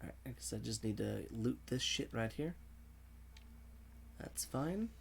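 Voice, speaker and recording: A man's voice: mid-range voice, expressive, unhurried, creaky, a little hiss or hum. A man streaming a video game, chatting casually, reading viewer messages aloud and laughing often. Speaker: gaming streamer. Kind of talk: casual livestream commentary.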